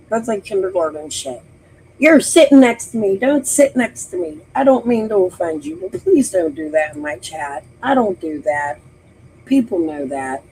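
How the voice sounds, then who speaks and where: A woman's voice: medium pitch, a little mellow, a little hiss or hum, poor audio. A woman hosting a casual livestream, talking bluntly and profanely straight to her chat. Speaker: livestream host.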